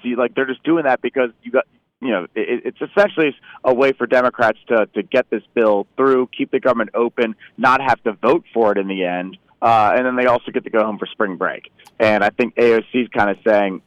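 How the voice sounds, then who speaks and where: A man's voice: mid-range voice, brisk, no room sound, highs cut off. A man giving political analysis as a news correspondent, rambling with many fillers.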